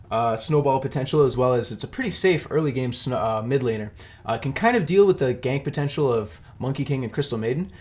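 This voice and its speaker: A young man giving casual, rambling solo commentary on a match, eating while he talks and laughing at himself. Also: mid-range voice. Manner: rambling, self-deprecating, laughs often. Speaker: esports caster.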